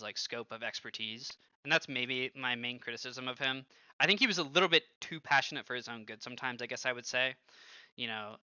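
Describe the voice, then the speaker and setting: A young man in his twenties, streaming and chatting casually, with a very sharp, bright voice. He tells stories with animation, using lots of fillers and swearing. The recording is dry and a bit dull and lo-fi. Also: medium pitch, clear, resonant tone, no room sound. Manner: animated storytelling, heavy use of filler like and swearing. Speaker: streamer and former pro gamer. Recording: dull lo-fi, dry close sound.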